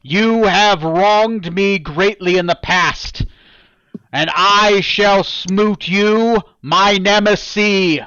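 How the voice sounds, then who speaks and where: A grandiose villain lord bent on vengeance, as a man puts him on for a tabletop game. He drags out each proclamation slowly in a somewhat high, theatrical voice. The sound is dull and muffled, like online call audio. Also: sharp tone, clear, resonant tone, dry recording, full character voice. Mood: vengeful. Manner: slow, dramatic proclamation.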